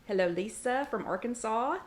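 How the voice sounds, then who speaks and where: A woman's voice: on the high side, expressive, normal speed. A middle-aged woman hosts a casual livestream from her home kitchen. She greets viewers by name, reads their comments aloud and scolds her dog between remarks. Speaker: host of a weight-loss support livestream.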